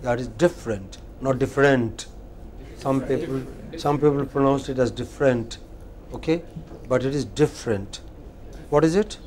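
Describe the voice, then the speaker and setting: This male pronunciation teacher, speaking with an Indian English accent, corrects his university students and repeats words slowly so they can imitate him. His voice is warm and sits at a medium pitch.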